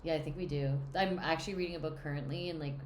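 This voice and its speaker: A young woman with a lowish voice co-hosts a book podcast, rambling through scenes and teasing her friend. The sound is roomy and echoey, with a faint hiss underneath. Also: fairly even intonation, fast talker. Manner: rambling, teasing, restarts sentences. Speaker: podcast co-host. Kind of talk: casual book-club chat.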